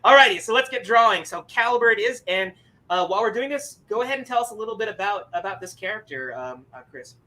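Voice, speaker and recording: High-voiced co-host guy, laughs along, keeps things upbeat. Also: expressive, fast, pushed and bright. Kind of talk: casual chat while drawing.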